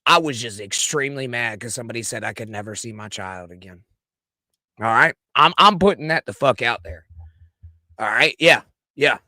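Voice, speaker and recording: Bright, profane man ranting on a stream. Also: mid-range voice, animated, normal speed, dry recording, clean studio sound. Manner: profane, rambling, swings between shouting and mumbling. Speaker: streamer reviewing his own radio appearance. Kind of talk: casual stream commentary.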